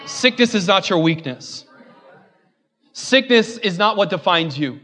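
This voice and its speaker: A man preaching a sermon in a church, joking and laughing at himself, then building to loud declarations. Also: high-pitched, expressive, a little slow. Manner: self-deprecating, joking, laughing often. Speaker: guest preacher.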